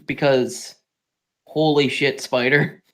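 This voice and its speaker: Speaking slowly in a level, mid-range voice, a male stream guest keeps things casual and chatty. His humor is plain and joking, and teasing makes him playfully defensive.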